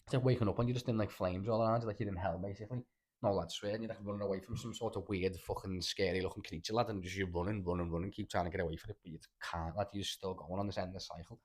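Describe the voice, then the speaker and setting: A young man with a thick Scouse accent spins a rambling tale on a casual podcast. He talks very fast in a low voice, piling on slang and swearing as he goes. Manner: rambling, animated storytelling with lots of slang and swearing. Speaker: podcast host. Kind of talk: casual chat.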